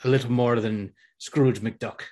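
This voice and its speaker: A man's voice: mid-range voice, fairly even intonation, measured pace, a little mellow. A man co-hosting a podcast in casual, rambling chat, laughing often and drifting off topic. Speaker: podcast co-host.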